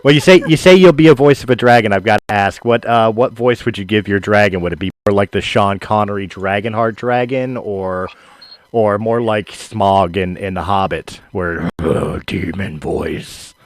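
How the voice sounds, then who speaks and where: A man's voice: on the low side, moderate pace, no echo. A man hosting a podcast, chatting in an enthusiastic, casual way and laughing often. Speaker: podcast host. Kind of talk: casual interview chat.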